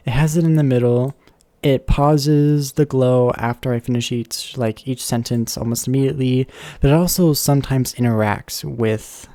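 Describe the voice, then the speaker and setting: A man's voice: medium pitch, creaky, warm tone, no room sound. A man chatting casually on a live stream, rambling and thinking aloud with lots of fillers and self-corrections, close to a desk microphone.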